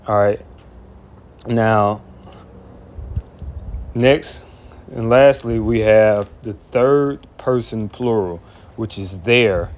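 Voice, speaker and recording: Low-voiced man teaching casually. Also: extremely slow, long pauses. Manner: informal, repeats himself, restarts often. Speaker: Hebrew teacher. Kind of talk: casual spoken lesson.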